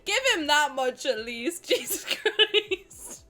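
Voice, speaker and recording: Giggling woman streamer, wildly lively pitch. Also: slow pace, noisy background. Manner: laughs hard and often, swears casually. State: crying with laughter. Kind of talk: laughing livestream reaction.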